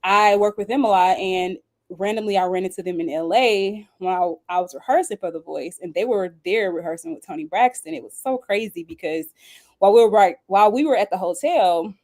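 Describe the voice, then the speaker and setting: A young woman, a singer and songwriter, telling a story in a casual interview, animated and laughing often. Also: medium pitch, a little fast. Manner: animated, squeals when acting out quoted dialogue.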